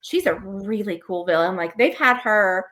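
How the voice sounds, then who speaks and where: Casting: woman, podcast co-host, chatty and casual, quick to laugh. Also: mid-range voice, animated, a bit bright. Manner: chatty, restarts sentences, laughs easily. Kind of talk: casual chat.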